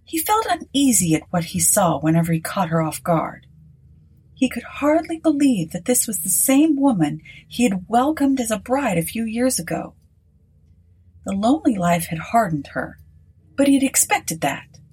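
Breathy woman reading a story. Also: a little high, very animated, normal speed, darkish tone, poor audio. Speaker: narrator. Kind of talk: storybook narration.

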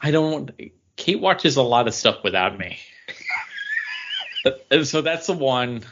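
A man co-hosting a podcast, chatting in a relaxed, slightly hesitant way. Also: medium pitch, takes it slowly, highs cut off, background noise. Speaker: podcast co-host. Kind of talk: casual chat.

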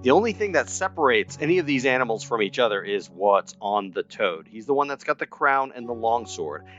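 A man narrating as game master of a tabletop role-playing game, describing scenes in lively detail. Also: medium pitch, brisk, muffled recording, soft background music.

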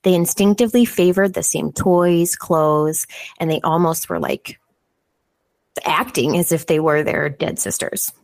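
A woman co-hosting a podcast, telling a story in a casual, sweary, animated way. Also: low-pitched, unhurried, no room sound. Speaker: podcast co-host.

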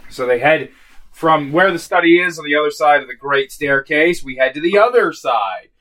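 A man playing a tabletop role-playing game, narrating his moves and speaking as a lord in a playful way. His voice sits a bit high for a man. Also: animated, moderate pace, bright, forceful tone, low-quality recording. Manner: playful, in-character lordly. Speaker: player. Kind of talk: tabletop role-play, casual.

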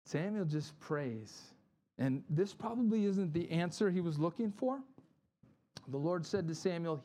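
A man's voice: fairly high pitch, unhurried. A middle-aged man, a pastor, giving a conversational sermon and acting out the people in his stories. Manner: animated storytelling, acts out quotes.

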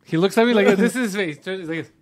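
A man co-hosting a podcast, telling a story in casual chat, often imitating people loudly and laughing. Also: fast talker, a crowd in the background. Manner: animated, mimics others with loud high voice, laughs often. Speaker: podcast co-host.

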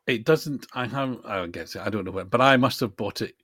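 A man's voice: fairly low pitch, normal speed, fairly bright tone, slightly rough, dry recording. A Scottish man co-hosting a podcast in casual chat, tired, hesitant and wry. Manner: hesitant, lots of "uh" and restarts, dry humour. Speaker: podcast co-host.

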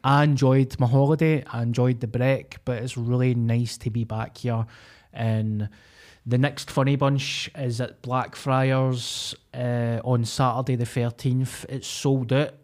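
Scottish male co-host, blunt and sweary banter, mid pitch, casual podcast chat. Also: flat delivery, a little slow, a little mellow.

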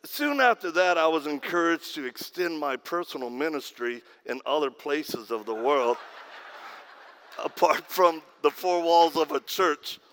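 A man preaching with humor, telling a story in a wry, deadpan way. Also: a little high, unhurried.

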